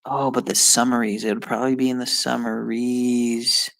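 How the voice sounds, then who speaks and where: Gravelly-voiced man muttering swears. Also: medium pitch, level tone, moderate pace, fairly bright tone, dry recording, rough recording. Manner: frustrated, swearing, muttering to himself; talks to his viewers. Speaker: streamer. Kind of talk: casual live-stream talk while taking an online test.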